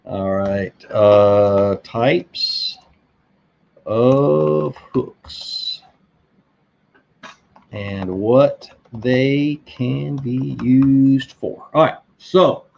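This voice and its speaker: A man's voice: medium pitch, drawn-out words, vocal fry, highs cut off. A middle-aged man hosting a live fishing stream, chatting casually and answering viewer questions with many fillers and restarts. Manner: rambling, relaxed, lots of fillers and restarts. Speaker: fishing livestream host.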